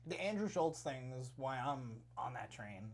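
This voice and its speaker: A man's voice: mid-range voice, animated, moderate pace, gravelly. A young man co-hosting a casual podcast, joking loosely and swearing often. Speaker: podcast co-host. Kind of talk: casual chat.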